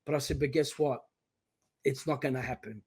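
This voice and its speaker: A middle-aged man telling his personal story as a podcast guest, emphatic and animated, often quoting his own words. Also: mid-range voice, normal speed, breathy edge.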